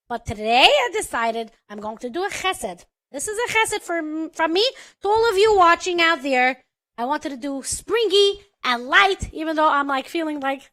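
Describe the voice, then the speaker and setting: A high, bright, squeaky-voiced American woman chatting away on a charity livestream. She is bubbly and talkative, with a voice that stands out, and she laughs easily. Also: animated, normal speed. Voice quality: squeaky, distinctive voice. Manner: chatty and bubbly, laughs often, says "you know what I'm saying". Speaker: co-host of a charity auction livestream. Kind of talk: casual chat.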